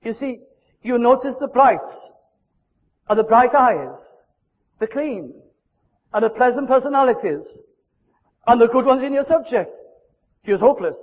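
An elderly man in his nineties preaching a sermon in a large hall, fervent, rising to impassioned cries and dropping to hushed pleading. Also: high-pitched, normal speed. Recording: muffled, reverberant hall recording.

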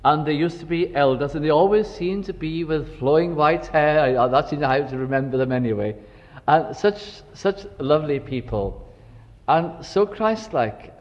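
An older man preaching a reflective sermon, drifting into gentle stories. His voice sits fairly high for a man. The recording is dull and carries a long hall reverb. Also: a little slow. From Wales. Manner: reflective, storytelling, warm asides.

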